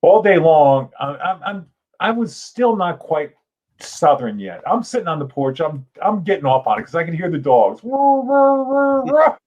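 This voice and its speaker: A middle-aged man telling a lively story as a guest on a podcast, acting out voices and shouting now and then. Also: on the high side, moderate pace, highs cut off. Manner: animated yarn-spinner, acts out Southern voices with shouts. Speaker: author and guest.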